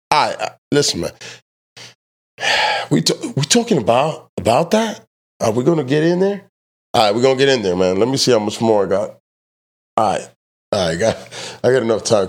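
Podcast host, man, loud and profane, swoops all over his pitch, casual banter. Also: gravelly. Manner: loud, joking, swears freely, teases his guest. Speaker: truck driver.

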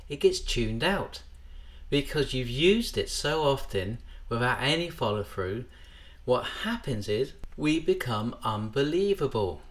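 A man hosting a podcast, calmly explaining parenting techniques in an instructional way and sometimes acting out what parents say. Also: medium pitch. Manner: calm, explanatory, acts out parents' voices. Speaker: podcast host, NLP trainer.

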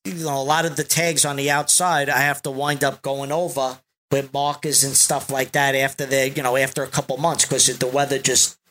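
A man's voice: on the high side, bright, forceful tone. A man speaking as a podcast guest in a casual, easygoing chat.

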